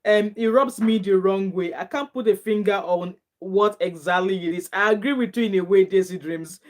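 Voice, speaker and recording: A woman's voice: mid-range voice, normal speed. A middle-aged woman with a Nigerian accent, chatting casually as a vlogger, reading out viewer comments and reacting with frequent laughter and bits of Pidgin. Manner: chatty and animated, laughs often, drops into Nigerian Pidgin phrases. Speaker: gossip vlogger.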